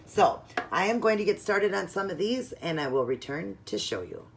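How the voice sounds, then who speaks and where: A woman's voice: lowish voice, very animated, moderate pace, slight background noise. A woman narrating a casual, step-by-step nail art tutorial at home in a chatty, instructive way.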